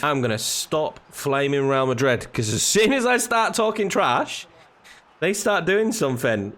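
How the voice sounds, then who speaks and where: A young man casually commenting on his own football video game match, chatty and reacting loudly to the play. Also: fairly high pitch, very animated, measured pace. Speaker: gaming YouTuber.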